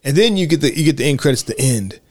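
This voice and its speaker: A man's voice: a little high, lively intonation, rapid-fire, a little mellow, dry recording. A man hosting a podcast, talking enthusiastically and a bit rambly about a movie, full of fillers and restarts. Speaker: podcast host. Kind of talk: casual film discussion.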